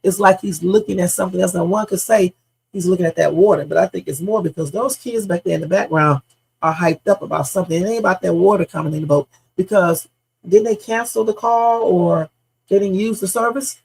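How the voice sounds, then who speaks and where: Gravelly, husky woman livestream host. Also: lowish voice, a little fast, a little mellow, low-quality recording. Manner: emphatic, speculative, repeats points with slang. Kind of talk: live reaction commentary.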